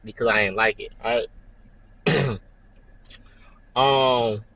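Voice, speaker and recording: A young vlogger chats and tells stories in animated, profane, slang-heavy talk. His medium-pitched voice is creaky and takes it slowly, recorded with no echo but poor audio.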